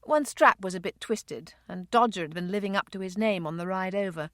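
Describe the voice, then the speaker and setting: A woman narrating a romance audiobook in a measured, unhurried way. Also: medium pitch, dry recording, studio quality. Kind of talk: scripted narration.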